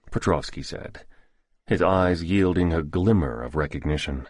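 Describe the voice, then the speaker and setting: A man narrating a first-person thriller audiobook in a measured, steady storytelling manner. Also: a bass voice, no echo, studio quality.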